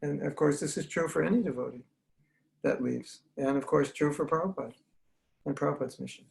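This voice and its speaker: Over a video call with poor audio, a man from the United States delivers an earnest, conversational spiritual talk with questions, voicing the people he quotes. His voice is a little high, gravelly and darkish, and a little fast.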